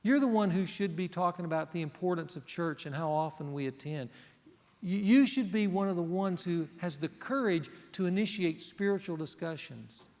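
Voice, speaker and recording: A man's voice: high voice, moderate pace, darkish tone. A middle-aged male pastor preaching a sermon, earnest and emphatic, putting rhetorical questions to the congregation. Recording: long hall reverb.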